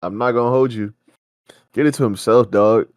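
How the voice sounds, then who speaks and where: A man's voice: mid-range voice, fairly even intonation, normal speed, clear, resonant tone, no echo, studio quality. A man co-hosting a reaction show, ranting in heated, profane casual chat.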